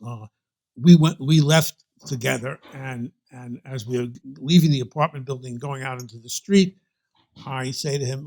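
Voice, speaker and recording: A man's voice: mid-range voice, steady tone, normal speed, darkish tone. An older man with a Brooklyn accent, talking as an interview guest. He tells his anecdotes in a loose, rambling way, often restarting a phrase and stacking up asides before he gets to the point. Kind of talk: storytelling interview.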